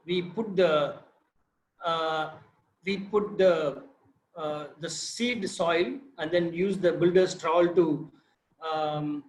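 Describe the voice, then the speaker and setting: A man with an Indian English accent, a field biologist telling his research story in an informal online session, animated and quizzing his listeners. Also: a little high. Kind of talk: informal talk on a video session. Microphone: video call. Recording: roomy echo.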